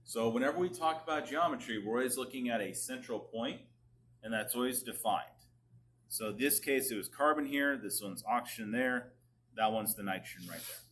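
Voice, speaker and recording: A male chemistry teacher lecturing a classroom at a medium pitch. He coaxes students with frequent check-ins, and his voice drifts nearer and farther from the microphone as he moves. Faint background noise sits under the recording. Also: normal speed, a bit bright. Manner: coaxing, asks the class to respond often.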